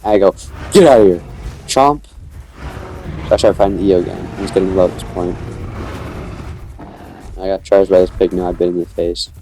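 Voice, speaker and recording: A man's voice: low-pitched, monotone, fast talker, pauses often, music in the background. A young man casually narrating his own dinosaur gameplay, rambling as he tells the story and acting out quoted lines.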